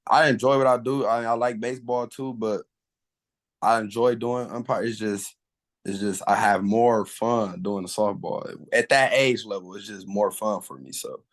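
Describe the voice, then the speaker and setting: A man's voice: on the low side, steady tone, moderate pace. A man who works as an umpire, chatting casually in an interview in a laid-back, colloquial way. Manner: laid-back, colloquial, acts out quoted voices. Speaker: umpire guest.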